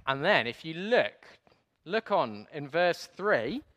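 A man's voice: on the high side, takes it slowly. A man preaching a playful sermon, getting the congregation to join in and joking at his own slips. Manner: lively, playful, self-deprecating. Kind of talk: sermon with audience participation. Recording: long hall reverb.

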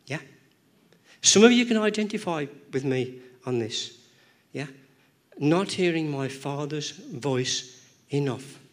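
A man's voice: on the high side, expressive, slow pace, pauses often. A man preaching a sermon to a congregation, emphatic and rhythmic, often repeating words and phrases as he builds his points. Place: church.

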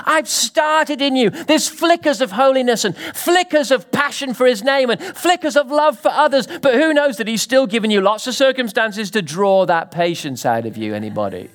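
A man preaching a sermon to a congregation, animated and full of sudden rises and drops, often asking the listeners questions. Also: extremely high pitch, moderate pace, few pauses. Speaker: pastor.

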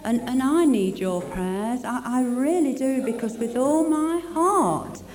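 A woman's voice: fairly high pitch, measured pace, a little mellow. A woman giving an emotional personal testimony at a church meeting, talking in a heartfelt, chatty way. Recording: echoey hall with long reverb.

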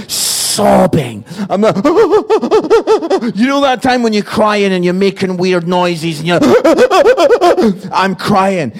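A man, a guest preacher telling a humorous family story, animated and acting out voices, laughing often. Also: very high voice.

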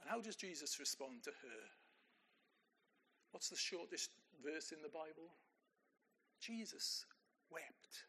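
An older male preacher with a high voice that rises and falls a great deal. He keeps the sermon conversational, asking his listeners questions and answering them himself, and his tone stays bright and ringing. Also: expressive, slow pace, pauses often, a little hiss or hum. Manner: conversational, asks the congregation rhetorical questions.

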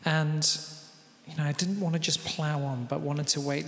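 A man's voice: on the high side, fairly even intonation, normal speed, a bit bright. A British man preaching a sermon to his congregation, in a conversational style with asides to the people in the room. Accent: British English. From Britain. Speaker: pastor. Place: large church hall. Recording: echoey church hall with long reverb.

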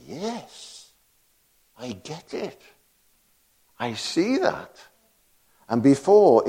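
A man's voice: lowish voice, warm tone. A man preaching a sermon, full of rhetorical questions and laughing asides.

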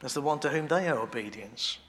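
A man preaching a sermon in a conversational way, restarting phrases as he thinks aloud and growing quiet and intimate on devotional points. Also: medium pitch, animated, fairly quick.

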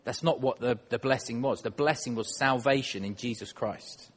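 A man delivering a sermon in church at an everyday middle pitch. He keeps it conversational and self-deprecating, often turning to put questions to the people listening. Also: normal speed, breathy edge, long reverb tail. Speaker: preacher.

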